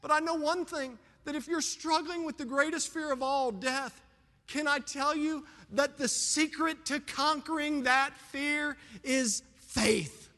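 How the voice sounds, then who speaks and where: A man preaching a sermon as pastor to a congregation, moving between hushed, pleading passages and loud, fervent preaching. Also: extremely high pitch, fairly even intonation, measured pace, big-room sound. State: out of breath at times. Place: church sanctuary with congregation.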